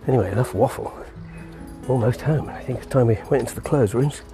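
A man's voice: mid-range voice, a little fast, over music. A man walking his dog outdoors, thinking aloud in a rambling, musing monologue with restarts and chuckles. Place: outdoors on a street walk.

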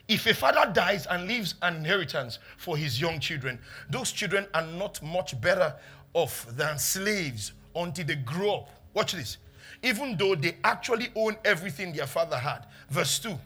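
High, lively pastor preaching. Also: male voice, breathy edge. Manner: emphatic preaching, swings from loud exclamations to quiet teaching. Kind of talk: sermon.

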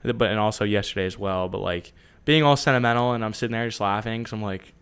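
A man's voice: fairly low pitch, fast talker, fairly bright tone, clear, resonant tone. A young man co-hosting a casual podcast, laid-back and slangy, laughing often. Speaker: podcast co-host; coach. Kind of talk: casual chat.

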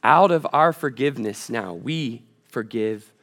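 A man preaching a sermon as a college pastor, reading a story and scripture aloud and rising to loud, fervent passages. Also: medium pitch, animated, a little slow. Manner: reads quoted stories and scripture aloud.

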